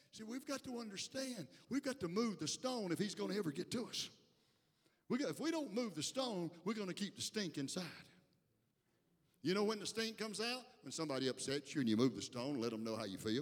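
A man preaching a sermon in a church, folksy and talking straight to the congregation, swinging from hushed asides to loud shouts. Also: fairly high pitch, big-room sound. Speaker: pastor. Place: church sanctuary.

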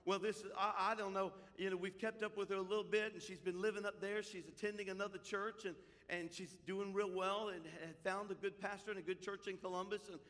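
A man preaching a sermon as pastor, impassioned, swinging between loud proclamations and hushed storytelling. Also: high-pitched, steady tone, fairly quick, few pauses, in a large hall.

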